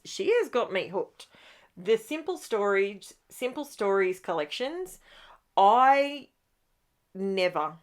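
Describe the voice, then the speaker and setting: A woman hosting a crafting video, chatting casually as she works and often wandering off track. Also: medium pitch. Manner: rambling, self-interrupting, chatty. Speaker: crafting channel host.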